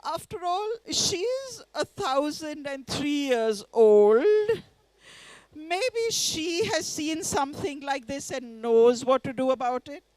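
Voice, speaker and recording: A woman storyteller voicing a worried, tearful queen in a soft, pleading tone. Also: high-pitched, expressive, takes it slowly, no echo.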